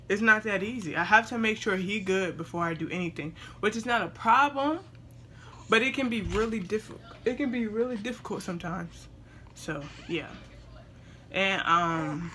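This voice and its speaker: A woman's voice: medium pitch, sharp tone, a little hiss or hum. A young woman vlogging casually at home, chatting to viewers and breaking off to talk to her baby. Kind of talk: casual chat to camera.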